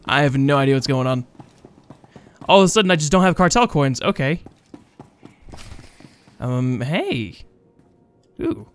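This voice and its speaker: In a mid-range, fairly bright voice, a sleepy young man plays a game for his channel and rambles casually. He yawns and jokes about his own stumbles as he goes.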